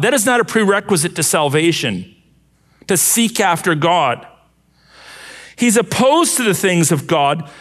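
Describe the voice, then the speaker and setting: A male pastor preaching a sermon, expressive and using vivid rhetorical questions. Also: high-pitched.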